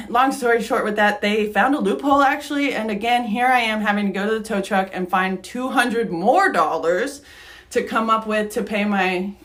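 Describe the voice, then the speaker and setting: A woman's voice: mid-range voice, moderate pace, fairly bright tone. A young woman co-hosting a podcast, candidly telling a personal story, getting emotional and laughing through it. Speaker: podcast co-host.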